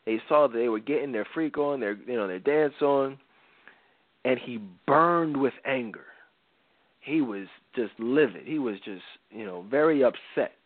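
A man's voice: mid-range voice, measured pace, no room sound. A man co-hosting a podcast, casually retelling a Bible story with slang and frequent laughs. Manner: animated, slangy, laughs often. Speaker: podcast co-host. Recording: dry thin phone-like sound.

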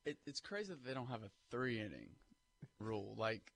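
A man's voice: mid-range voice, very animated, moderate pace, vocal fry, fairly bright tone, a little hiss or hum. A young man co-hosting a morning sports radio show, explaining his points in a casual, rambling way. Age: young adult.

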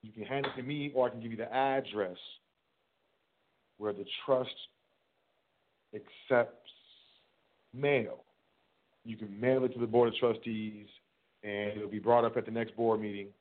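A man's voice: medium pitch, fairly even intonation, unhurried, pauses often. A man hosting a casual solo talk, rambling and repeating words as he acts out little conversations. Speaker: host. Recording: tinny phone-like sound.

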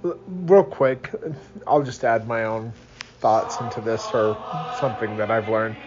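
A man's voice: fairly low pitch, a little slow, muffled recording, background noise. A young man reading a religious book aloud at home in the early morning, tired and yawning, drifting into rambling asides. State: sleepy.

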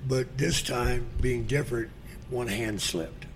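A man's voice: mid-range voice, takes it slowly, a little hiss or hum. An older man, a podcast guest, telling profane stories in a drawl and acting out the voices of the people in them. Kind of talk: casual storytelling.

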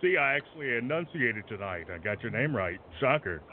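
Boastful rambling wrestler man, drawn-out bragging, tinny phone-like sound, faint hiss. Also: medium pitch, big pitch swings. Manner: boastful, rambling, stretches words for effect. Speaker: wrestler persona on a talk show. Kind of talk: in-character wrestling promo chat.

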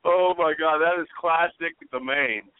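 A man co-hosting a podcast chat, playful and quick to crack jokes. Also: a little high, clear, resonant tone, dry recording. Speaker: co-host. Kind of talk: casual chat. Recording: tinny phone-like sound, dry.

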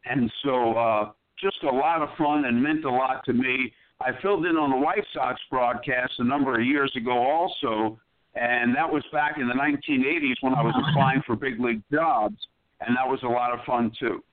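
Older man on a tinny phone line. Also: medium pitch. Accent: mostly neutral American, faint New York traces. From Brooklyn, New York. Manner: measured storytelling, precise diction. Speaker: guest broadcaster. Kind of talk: conversational interview answers.

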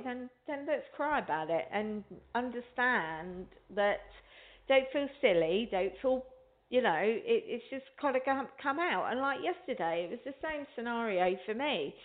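A woman hosting a spiritual talk show, chatting in a rambling way and speaking straight to her listeners. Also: on the high side. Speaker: radio show host. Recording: tinny phone line.

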